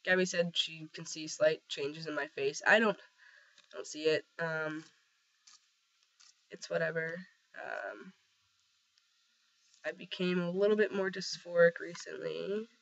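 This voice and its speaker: Young man with a rough sick voice. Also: on the high side, fairly even intonation, slow, pauses often, fairly bright tone. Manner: rambling, heavy on fillers. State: voice rough from a cold. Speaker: vlogger. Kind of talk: casual personal video diary. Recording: slightly dull lo-fi sound.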